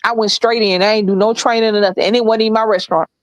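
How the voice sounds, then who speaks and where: A woman co-hosting a podcast, telling a work story in a blunt, profane, animated way. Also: mid-range voice, rapid-fire, no room sound, low-quality recording. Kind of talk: casual storytelling chat.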